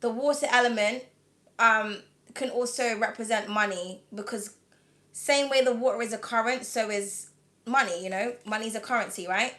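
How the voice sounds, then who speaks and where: Her voice sits a little high and a bit bright, moving at a normal speed. This British woman, slightly whiny in tone, gives a live tarot reading in a chatty, rambling way, full of "um" and "like," with frequent laughter.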